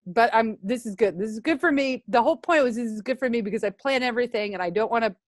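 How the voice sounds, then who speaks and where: Woman comedian with a fairly high voice. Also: fast talker. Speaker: comedian co-host. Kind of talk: casual comedic chat.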